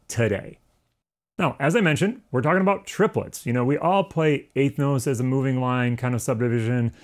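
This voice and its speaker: A man's voice: mid-range voice, darkish tone. A man teaching a music lesson in a casual, explanatory way, now and then singing rhythms on syllables. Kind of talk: instructional lesson.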